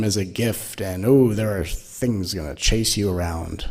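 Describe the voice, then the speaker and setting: A man's voice: lowish voice, lively intonation, measured pace, hardly any pauses, dark tone. A man giving a spiritual teaching talk in a playful, rhetorical way, with many questions to his listeners. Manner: playful and rhetorical, acting out mock inner voices.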